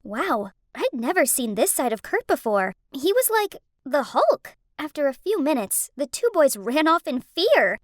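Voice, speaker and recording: A woman tells a first-person animated story with strong emotion. Her voice is high and swings widely in pitch. The recording is dry and close, with no room sound. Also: a little slow, hardly any pauses, dry recording. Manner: emotional, dramatic. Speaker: narrator.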